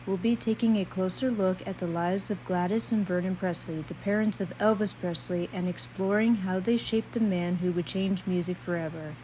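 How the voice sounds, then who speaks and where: A woman host reading a scripted narration in a monotone way. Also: fairly low pitch, normal speed, few pauses, a little hiss or hum, rough recording.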